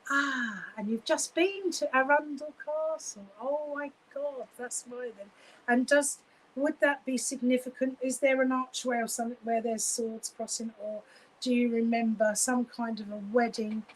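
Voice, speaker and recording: A woman's voice: on the high side, fairly even intonation, moderate pace, husky, rough recording. A woman giving live psychic readings, gushing and effusive, with many fillers and restarts.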